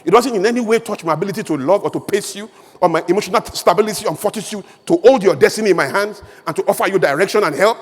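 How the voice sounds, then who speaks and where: A man with a Nigerian accent addresses a conference crowd in a high, ringing voice. He speaks with emphatic, animated oratory and builds through rhetorical questions. His words trail off into the long reverb of a large hall. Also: very fast. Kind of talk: public speech.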